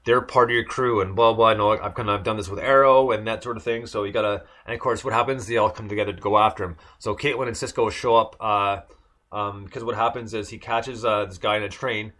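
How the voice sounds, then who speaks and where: A man with a fairly low voice talks through a TV episode in loose podcast chat. He rambles, fills gaps with "like" and "uh", and restarts his sentences often. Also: fairly even intonation, quick pace, pushed and bright. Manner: rambling, many fillers and restarts. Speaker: podcast co-host. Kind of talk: casual chat recapping a TV episode.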